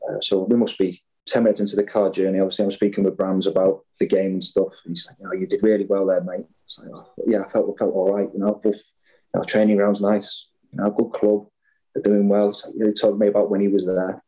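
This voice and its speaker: A man in his thirties recounts an old story in a relaxed chat, slipping into the voices of the other people involved. His tone is warm and dark, with a husky edge to it. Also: on the low side, fast, rough recording. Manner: animated anecdote-telling, acting out others' voices. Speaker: guest storyteller. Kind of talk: casual chat.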